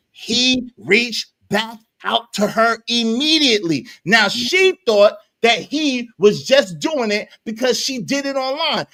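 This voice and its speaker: A man's voice: extremely high pitch, a bit bright. A middle-aged man hosting a heated live-stream debate, arguing hard, talking over others and cutting in with repeated "hold on.".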